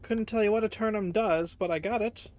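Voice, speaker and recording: A woman's voice: medium pitch, brisk, a little mellow, a little hiss or hum. A woman streamer chatting casually while playing a game, thinking aloud and correcting herself as she goes.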